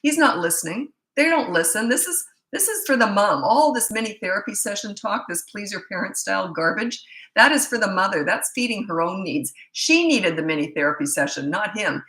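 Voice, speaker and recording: A woman's voice: medium pitch, animated, fairly bright tone. A middle-aged woman, a parenting coach, talking bluntly and chattily in a casual Q&A, full of asides. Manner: blunt, chatty, frequent "anyway" asides and quick laughs. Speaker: parenting coach and channel host. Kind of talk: casual Q&A monologue with anecdotes. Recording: echoey room.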